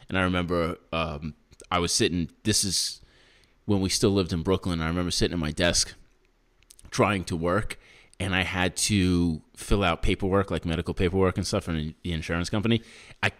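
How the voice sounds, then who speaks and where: A young adult man, a podcast co-host, telling a story in casual chat and acting out his own shouting. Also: low-pitched, steady tone, moderate pace.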